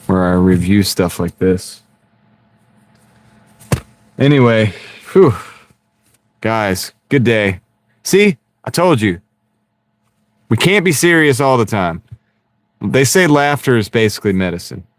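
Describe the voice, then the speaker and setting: A man's voice: on the low side, expressive, slow, long pauses, no room sound. Chatty laughing man streaming from his car. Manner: rambling, jokey, laughs often. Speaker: livestream host chatting with viewers. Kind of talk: casual live-stream chat. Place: inside a car. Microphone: wireless clip-on microphone.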